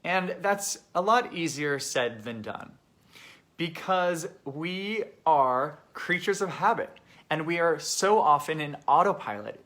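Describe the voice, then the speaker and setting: A man's voice: a little high, bright, forceful tone. A man who is a life coach, hosting his own live online show and talking earnestly and reflectively to viewers. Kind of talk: casual direct-to-camera live talk.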